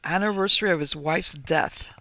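A man's voice: on the high side, moderate pace, creaky, bright, forceful tone. A man voicing a theatre assistant stage manager trading dry, gossipy banter backstage. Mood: wry.

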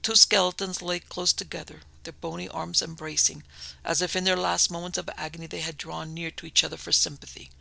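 A man narrating a gothic story in a steady, plain reading voice. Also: fairly high pitch, brisk, gravelly, no echo, low-quality recording. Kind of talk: audiobook narration.

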